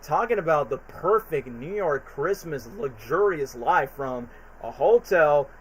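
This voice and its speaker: A male streamer rambles through movie scenes in casual commentary, slipping into quick put-on voices for the characters. His voice sits fairly high for a man. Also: animated, a little hiss or hum, low-quality recording.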